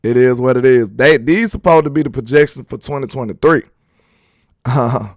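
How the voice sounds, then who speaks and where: A man's voice: mid-range voice, normal speed, dry recording, clean studio sound. A man hosting a sports live stream, chatting casually and reading viewer comments aloud in a laid-back, slangy, joking way.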